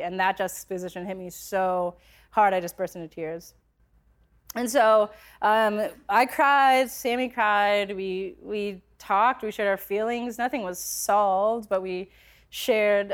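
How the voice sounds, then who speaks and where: A young adult woman telling a personal story in a conversational way, full of filler words, growing passionate as she speaks. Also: medium pitch. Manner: conversational, many filler likes, grows passionate.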